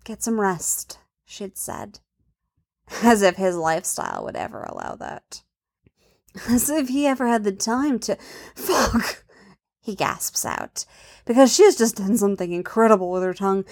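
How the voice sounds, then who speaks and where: Female narrator for an intimate story reading: soft, hushed, mid pitch. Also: vocal fry. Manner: soft, intimate, often dropping to a hush. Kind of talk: reading an adult fan fiction story.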